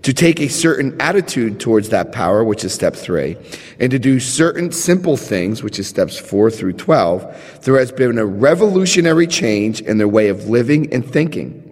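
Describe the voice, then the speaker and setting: Animated man telling his story in a reverberant hall. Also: mid-range voice, moderate pace. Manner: animated, retells dialogue with emphasis. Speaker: speaker at a recovery meeting. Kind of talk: sharing story and reading aloud at a meeting.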